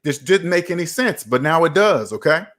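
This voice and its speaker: A man's voice: on the high side, animated, normal speed, a bit bright. A man hosting a personal finance livestream, talking emphatically to his chat, repeating points and asking rhetorical questions.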